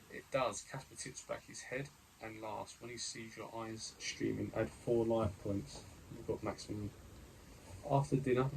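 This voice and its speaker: A man plays through a gamebook, reading the story aloud and stopping to talk through his dice rolls and choices. His voice is on the low side and has a gravelly rasp. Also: a little mellow, slight background noise, rough recording. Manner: reads narration, then comments on dice rolls and choices with fillers. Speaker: gamebook player and reader.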